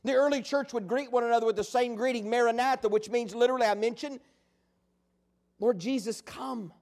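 High-pitched male pastor, folksy storytelling sermon delivery. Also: fast talker. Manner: animated storytelling preacher, folksy.

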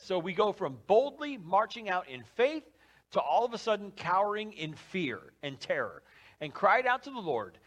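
A man preaching a sermon, lively and conversational, acting out quotes from scripture and dropping his voice low for emphasis. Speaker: pastor.

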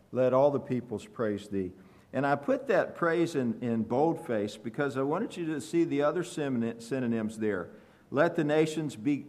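A man with a mid-range, somewhat dark voice preaches a sermon in a conversational way. He poses questions to the congregation and tosses in joking asides.

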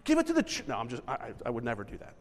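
A man's voice: medium pitch, wildly swooping pitch, very fast, big-room sound. A man preaching a sermon in a conversational style, acting out little asides and correcting himself mid-sentence. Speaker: pastor.

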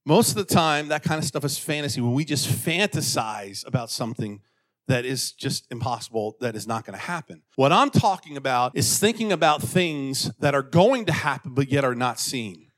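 A middle-aged male pastor preaching a sermon in church, swinging between hushed asides and loud, exclamatory bursts. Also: medium pitch, animated, normal speed.

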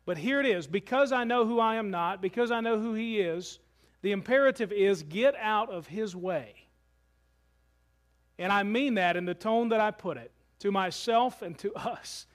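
A man preaching a sermon as pastor, earnest, slowing and softening for emphasis. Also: high-pitched.

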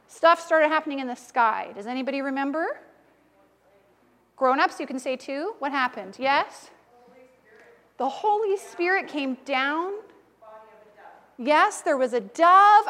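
A woman leading a children's sermon in church, asking the children lively questions and encouraging them. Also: sits high, big-room sound. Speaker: pastor leading a children's talk.

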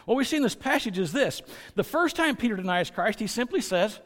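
A man preaching a sermon as pastor, earnest and building to loud, emphatic stresses. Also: high voice, lively intonation, fairly quick, in a large hall.

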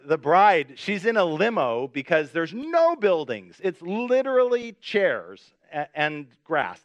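A middle-aged male pastor tells a story from the pulpit in a slightly high, lively voice, acting out each voice in it. The sound is close and dry, with no room echo. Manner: animated, self-mocking storyteller acting out dialogue. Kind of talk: sermon storytelling.

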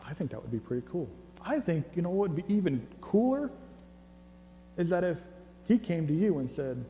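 An American man preaches a sermon in a fairly high, very animated voice at a moderate pace, his tone mellow and the audio dull. He keeps things conversational and joking, often stumbling and restarting on repeated words. The recording carries a long hall reverb and a faint mains hum.

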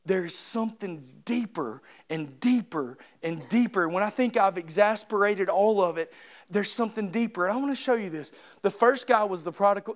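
High-voiced impassioned male preacher. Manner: impassioned, swings from quiet to shouting. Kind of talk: sermon.

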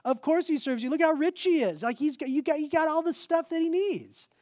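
A man's voice: very high voice, fairly quick, darkish tone, dry recording, studio quality, pitched above the performer's own voice. A man voicing Satan as a sly, wheedling figure in a retold scripture scene.

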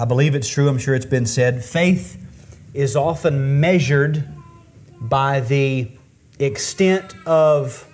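A man giving a sermon before communion, slow and deliberate, often restarting words and rising and falling in pitch for emphasis. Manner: rises and falls in pitch for emphasis. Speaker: pastor.

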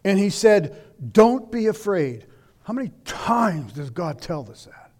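An older man preaching a sermon, swinging between loud declaiming and hushed asides. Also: high-pitched.

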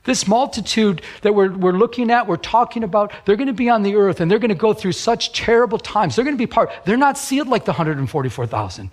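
A man's voice: high-pitched, expressive, fast, hardly any pauses. A man preaching a sermon as a pastor, rambling and often repeating words as he restarts.

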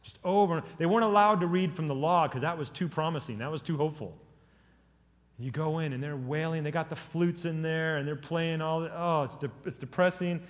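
Lively male pastor preaching in a reverberant hall. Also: fairly high pitch, a little fast. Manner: animated, swings from loud to soft; jokes with the congregation. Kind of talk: sermon.

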